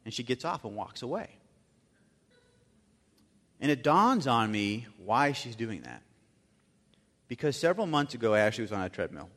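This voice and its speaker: A man preaching a sermon, telling a story dramatically and swinging from loud bursts to hushed asides. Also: mid-range voice, big pitch swings, moderate pace, long pauses. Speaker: pastor. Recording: long hall reverb.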